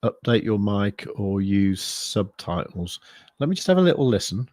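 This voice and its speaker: English guy hosting a live stream, low-ish voice, dry close sound, lots of ums and uhs. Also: big pitch swings, normal speed, darkish tone, dry recording. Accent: English, mixed Midlands and southern English with some years in France. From English Midlands. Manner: rambling, many fillers and restarts. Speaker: livestream host. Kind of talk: casual livestream chat reading comments.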